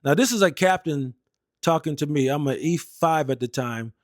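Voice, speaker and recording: A man's voice: fairly high pitch, moderate pace, dry recording, studio quality. Blunt, profane young American man. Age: young adult. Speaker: Air Force veteran vlogger. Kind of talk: casual storytelling rant.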